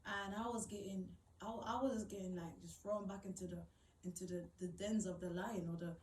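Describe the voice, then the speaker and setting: A woman's voice: mid-range voice, fairly even intonation, normal speed, a little mellow, roomy sound, recorded from a distance, a little hiss or hum, rough recording. A young woman telling a personal story to camera, blunt and swearing, rising to indignant outbursts. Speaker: vlogger.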